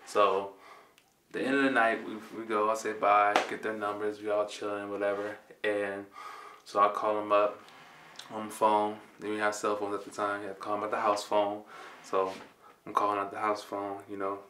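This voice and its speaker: This man from Compton, California, in his twenties, tells a personal story in a relaxed, slangy style and acts out the dialogue. He speaks at a moderate pace with a fairly low, monotone voice against a noisy background, and the distant mic makes the recording sound roomy.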